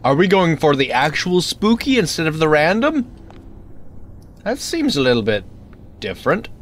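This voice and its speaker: A man's voice: a little high, sing-song, normal speed, slight background noise. A man giving casual commentary while playing a game, chatty and easily startled, wandering into rambling asides. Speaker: let's play gamer.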